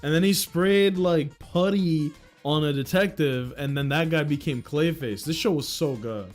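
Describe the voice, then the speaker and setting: A young man rambles casually on his livestream, swearing and breaking into loud outbursts. His voice sits a little high, with faint music underneath. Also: normal speed. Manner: excitable, swearing, with sudden loud outbursts and laughs. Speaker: streamer.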